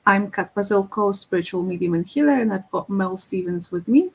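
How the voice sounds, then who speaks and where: A woman's voice: mid-range voice, lively intonation, a little fast, husky, low-quality recording. A woman who is a spiritual medium and healer, hosting a casual podcast chat and talking hesitantly, with many fillers and restarts.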